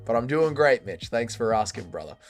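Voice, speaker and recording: A man's voice: medium pitch, sing-song, a little fast. Tired Australian man streaming with faint music. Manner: blunt, crude, joking banter with chat. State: tired, sore voice. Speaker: livestream host. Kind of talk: casual livestream chat, reading comments aloud.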